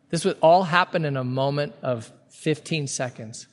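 A man preaching a sermon as pastor, earnest and emphatic, stretching key words slowly for weight. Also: fairly high pitch. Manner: earnest, emphatic preaching with sudden slow-downs. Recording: long hall reverb.

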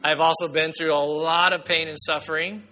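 Bright-voiced earnest male pastor. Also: a little high, little pitch movement, moderate pace, faint music behind. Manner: earnest, emphatic preaching that drops to a hushed voice. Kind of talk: sermon.

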